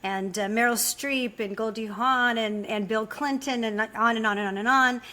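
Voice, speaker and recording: A woman's voice: on the high side, steady tone, moderate pace, pushed and bright. A woman co-hosting a podcast, chatting casually in a bubbly, giggly way. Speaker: podcast co-host.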